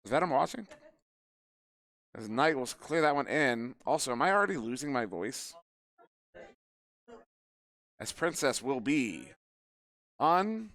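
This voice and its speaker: A man's voice: mid-range voice, sing-song, measured pace, long pauses, fairly bright tone, dry recording. A man casting a live esports match, calling plays and chatting off-hand between them. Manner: chatty, jokes with people in the room between calls. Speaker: esports caster. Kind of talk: live esports play-by-play commentary. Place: live event venue.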